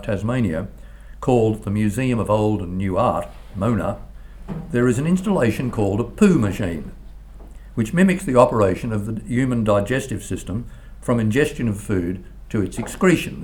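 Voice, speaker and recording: An older philosophy professor reads a formal academic lecture from a prepared text in a low, somewhat mellow voice. He is animated yet measured and deliberate, occasionally tripping over a word.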